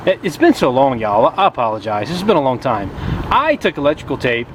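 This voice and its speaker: A man's voice: medium pitch, sing-song, a little fast, background noise. A man giving a casual how-to commentary as a motorcycle vlogger, joking as he works one-handed and holding the camera. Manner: chatty, joking, talks while working one-handed. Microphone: camera held in one hand.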